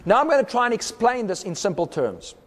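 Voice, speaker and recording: A man's voice: high-pitched, sing-song, brisk, in a large hall. A man giving a recorded teaching talk, explaining step by step and sounding out rhythms with his voice. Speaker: speaker.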